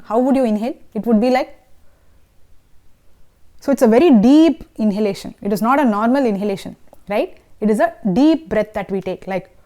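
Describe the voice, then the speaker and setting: High-pitched and a little mellow, the voice belongs to a vocal teacher with an Indian English accent. She explains singing technique in an instructive way, often checking in with the listener.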